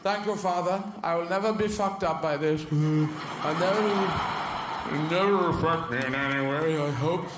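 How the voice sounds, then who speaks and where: Man doing a stiff dutiful posh kid, loud-ish and slow, echoey room. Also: a little high, very noisy, lightly acted. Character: prim upper-class boy, dutiful and stiff.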